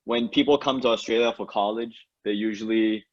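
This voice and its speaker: A man guest comedian in a casual interview chat, relaxed and hesitant, laughing often. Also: fairly low pitch, fairly quick. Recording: dull lo-fi sound.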